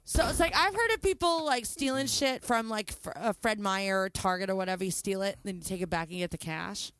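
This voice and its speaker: A woman's voice: medium pitch, fairly quick, a bit bright, clean tone, no echo. A woman co-hosting a comedy podcast, reading odd news stories aloud and riffing on them. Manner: laughing, reads headlines and riffs.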